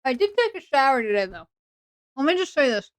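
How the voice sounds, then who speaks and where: A woman chatting on a live stream, rambling, joking and mocking herself, with sudden loud whiny bursts, on a close desk microphone. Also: high-pitched, very animated, fairly quick, dry recording. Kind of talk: casual live-stream chat.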